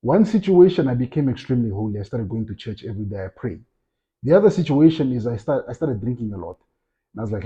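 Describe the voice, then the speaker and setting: A man's voice: mid-range voice, fast talker, muffled recording. A man, a farming vlogger, telling a casual story and acting out the other voices, often stumbling and restarting his words. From Namibia. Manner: animated, acts out quoted voices, frequent repeated restarts.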